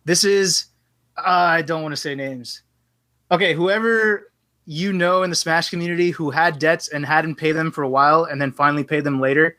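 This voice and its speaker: A man appears as a guest on a podcast, casually spinning a long story and animatedly performing both sides of the dialogue he quotes. His voice sits on the high side, he speaks at a normal speed, and there's no room sound.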